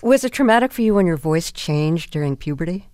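An older woman hosting a radio interview and reading scripted introductions in a measured way. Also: lowish voice, expressive, darkish tone, no echo, clean studio sound.

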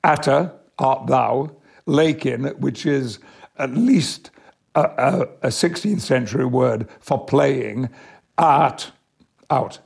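An older man from Yorkshire, an actor being interviewed, telling stories in a measured way with small restarts. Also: mid-range voice, vocal fry, darkish tone, breathy edge. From Yorkshire, England. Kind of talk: anecdotal interview answers.

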